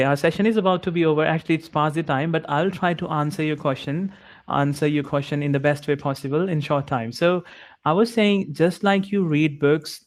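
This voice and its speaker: A young man with an Indian English accent, an English tutor giving an upbeat, encouraging one-on-one lesson over a video call. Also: on the high side. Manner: encouraging, upbeat, many "like" fillers.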